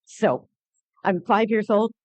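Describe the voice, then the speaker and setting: A woman speaking at a conference, telling an earnest personal story with many halting restarts. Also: mid-range voice, no room sound. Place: conference hall lecture.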